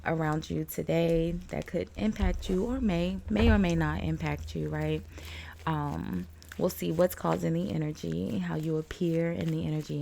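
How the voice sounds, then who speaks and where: A woman recovering from a cold rambles casually through a tarot reading at home, her low voice creaky and dark-toned. The balcony door is open, letting in faint outdoor noise, and she chats along with fillers and little laughs.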